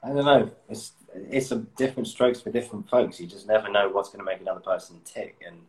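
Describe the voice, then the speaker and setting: A man's voice: fairly low pitch, fast, poor audio. A man hosting a casual chat, talking loosely with frequent laughs and restarts. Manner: chatty, laughs often, restarts sentences.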